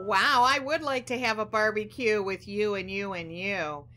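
A woman teacher giving a phonics lesson, speaking gently and directly to young children. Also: medium pitch, moderate pace, faint music behind.

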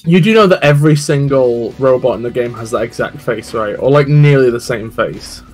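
A man's voice: mid-range voice, fairly quick, a little mellow, faint music behind. A man co-hosting a game stream, chatting casually with crude, rambling jokes and playful teasing. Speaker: streamer, co-host. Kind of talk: casual chat over gameplay.

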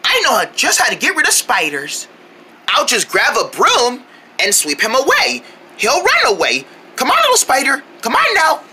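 A soothing cartoon mommy, voiced by a woman, high and very bright, speaking slowly and gently. Her pitch still rises and falls a lot. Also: wildly swooping pitch, a little hiss or hum, full character voice. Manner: gentle, reassuring. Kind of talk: children's cartoon voice acting.

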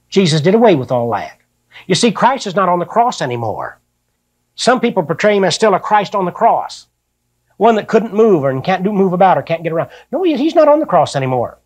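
Older male preacher, high voice, folksy plain talk, slow scripture reading. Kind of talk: sermon.

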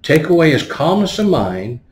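A man's voice: on the high side, sing-song, moderate pace. Man preaching in an echoey room. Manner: explains word by word, stops to ask "right?". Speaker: pastor. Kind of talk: sermon teaching.

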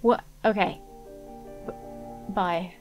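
A let's play commentator talks over her video game in a mid-range, fairly even voice, with faint music behind her. Her commentary is sarcastic and full of swearing, and she's quick to laugh.

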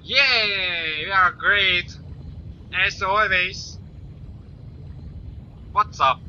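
A man doing let's-play commentary, swearing often and yelling at the game. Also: high voice, drawn-out words. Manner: swears a lot, yells at the game. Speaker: gaming YouTuber. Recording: slightly dull lo-fi mic with faint noise.

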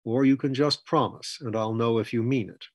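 A man's voice: medium pitch, slightly rough, no room sound. A man doing Fletcher, a firm earnest mentor. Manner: measured, persuasive, earnest. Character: Fletcher, calm firm older male mentor.

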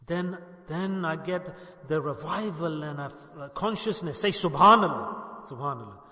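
A man's voice: on the high side, moderate pace, bright, forceful tone. Emphatic preacher man in an echoing hall. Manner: emphatic, repeats key points. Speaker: Sufi preacher. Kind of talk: sermon. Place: gathering hall. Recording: echoey hall, long reverb.

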